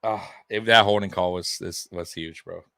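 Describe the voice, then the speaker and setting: A young man hosting a live sports stream, talking straight to his viewers in an animated, repetitive way with plenty of swearing. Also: low voice, normal speed, gravelly, no echo. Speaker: sports livestream host. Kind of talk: live postgame commentary to viewers.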